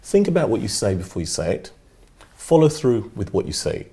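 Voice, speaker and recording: A man's voice: on the low side, big pitch swings, a little fast, mellow. A man, a regular guest on a talk show, giving upbeat motivational advice and asking rhetorical questions. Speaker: regular life coach guest.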